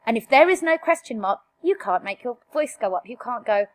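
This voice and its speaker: A woman's voice: a little high, expressive, a little fast. A woman teaching an exam revision lesson, direct and emphatic, firing rhetorical questions at her students.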